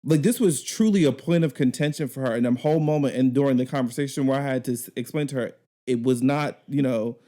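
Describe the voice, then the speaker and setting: A man co-hosting a podcast, telling a story in casual, animated chat and swearing now and then. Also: medium pitch, fast talker. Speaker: podcast co-host.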